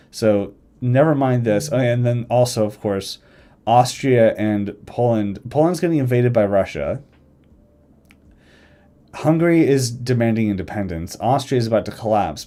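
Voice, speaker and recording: A man with a fairly low voice chatting loosely on a live stream. He rambles and restarts his sentences, dropping into quick little voices for the nations he describes. The talk is unscripted and easygoing. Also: dark tone. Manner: rambling, self-correcting, acts out nations in quick quoted asides. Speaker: streamer discussing a game mod's alternate history.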